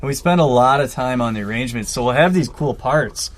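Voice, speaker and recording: A man's voice: mid-range voice, fairly quick. Male band member guest, mid-range voice, earnest and long-winded. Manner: earnest, explains at length. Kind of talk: casual interview.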